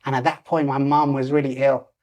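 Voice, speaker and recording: A man's voice: medium pitch, level tone, brisk, darkish tone. A man in his forties, a podcast guest telling a personal story animatedly and acting out the voices in it. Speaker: podcast guest, lucid dreaming teacher.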